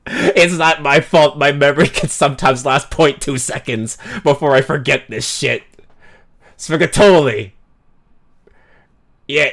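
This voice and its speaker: A man's voice: medium pitch, vocal fry, fairly bright tone, a little hiss or hum. A man streaming a game, chatting casually with viewers in a joking, self-mocking way, stumbling over foreign words and putting on mock-dramatic outbursts. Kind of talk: casual livestream chat reacting to viewers.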